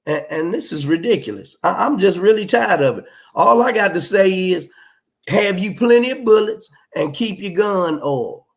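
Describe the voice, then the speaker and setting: A man's voice: sits high, expressive, normal speed, gravelly. A middle-aged man, hosting a livestream and reading out chat comments in a blunt, emphatic, profane way. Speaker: livestream host.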